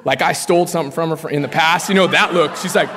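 A man in his thirties speaks from a podium in a large hall, telling his personal story in a loose, slangy, animated way. His voice sits a little high for a man, and a long reverb trails each phrase. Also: fast talker, a crowd in the background. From Colorado. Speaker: speaker sharing his story at a recovery meeting. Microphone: podium mic.

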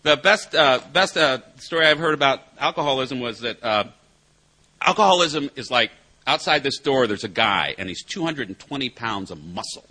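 Animated, bright-voiced wry man. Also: medium pitch, moderate pace. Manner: wry, self-mocking storyteller with punchlines. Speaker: recovery meeting speaker and sponsor. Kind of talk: personal recovery talk to a group.

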